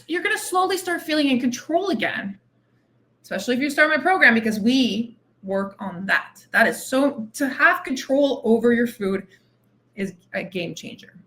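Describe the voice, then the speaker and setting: A woman's voice: fairly high pitch, fairly bright tone. A woman weight loss coach giving a direct, tough-love motivational monologue on her podcast, repeating phrases for emphasis.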